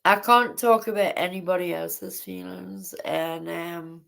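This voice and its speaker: Woman, livestream host, casual chat, halting, repetitive, unhurried pace, gravelly voice. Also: on the low side, fairly bright tone. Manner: halting, repeats herself.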